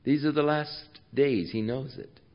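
Casting: man slow deliberate preacher, sermon expounding scripture, dull lo-fi sound. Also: medium pitch. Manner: expository preaching, swings from hushed to loud.

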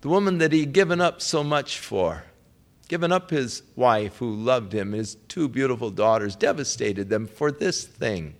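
A man preaching a sermon through a personal story, moving between hushed, low passages and raised, heartfelt ones. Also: lively intonation, moderate pace.

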